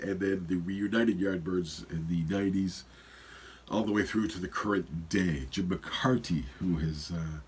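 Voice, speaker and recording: A man's voice: sits low, darkish tone, husky. A man in his fifties with a stuffy nose, hosting a podcast in a rambling, casual solo intro full of fillers. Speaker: podcast host.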